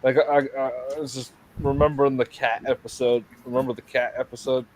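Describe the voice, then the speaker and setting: A man's voice: medium pitch, flat delivery, fairly quick, slight background noise, low-quality recording. Rambling male livestream host. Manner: rambling, restarts and jokey asides. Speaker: show host. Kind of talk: casual livestream chat.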